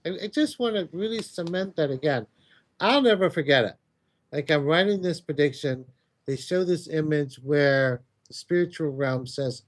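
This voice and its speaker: A man with a slightly high voice hosts a relaxed livestream. He rambles and chats as he takes viewers' questions one by one. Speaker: psychic livestream host. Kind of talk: casual livestream Q&A.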